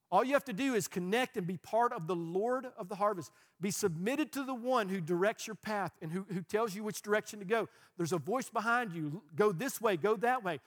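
A man, preaching a sermon as pastor, earnest and rising into fast, passionate bursts. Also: high-pitched, fairly bright tone.

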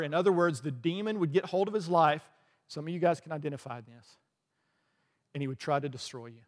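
Pastor guy preaching, higher voice, animated storytelling, big echoey church hall. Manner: animated storytelling with quoted dialogue and asides. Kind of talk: sermon.

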